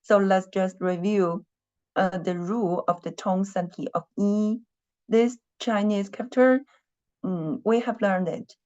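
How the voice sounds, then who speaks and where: A woman's voice: mid-range voice, measured pace, a little mellow, highs cut off. A woman teaching a Chinese class online, patiently repeating her questions and humming while she thinks.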